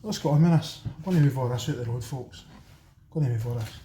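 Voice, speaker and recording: Talking fast in a medium-pitched, dark voice, this Scottish home cooking host bantered cheekily with viewers as if they were friends while cooking in his kitchen. The casual demo chat carries a roomy echo and some faint background noise.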